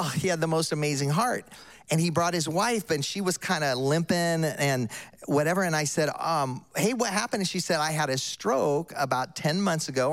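An older man preaching a sermon, telling a story in a conversational, emphatic way. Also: fairly high pitch.

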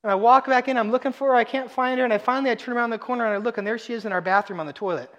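High-voiced storytelling man preaching. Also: rapid-fire. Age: middle-aged. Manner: joking, animated storytelling with acted-out voices. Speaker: pastor. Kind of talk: sermon with personal stories.

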